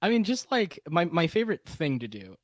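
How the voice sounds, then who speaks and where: A man's voice: fairly high pitch, sing-song, fairly quick, no echo, studio quality. A man who runs tabletop games, chatting casually as a podcast guest. He laughs often and stumbles through restarts. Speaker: guest Dungeon Master.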